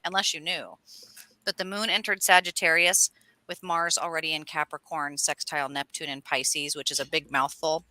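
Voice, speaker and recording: A woman co-hosting a casual chat show, telling stories in a lively, animated way. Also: mid-range voice, dry recording, low-quality recording. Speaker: co-host.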